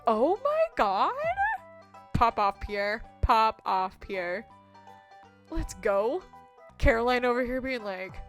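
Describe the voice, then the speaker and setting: A bubbly woman streams a game live and chats with her viewers as she plays. Her voice is high and jumps around a great deal in pitch. Faint music plays underneath. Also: big pitch swings, slow pace, pauses often, fairly bright tone. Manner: bubbly, chatty, reads chat messages aloud. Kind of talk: live-stream gameplay chat.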